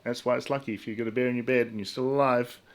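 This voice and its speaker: A man giving a casual, halting explanation, full of ums. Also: mid-range voice, steady tone.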